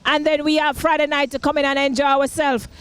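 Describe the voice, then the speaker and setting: A woman's voice: sits high, level tone, fairly quick. A Jamaican woman comedian doing teasing, bawdy promo chat. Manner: bawdy, teasing, laughs often. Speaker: stand-up comedian.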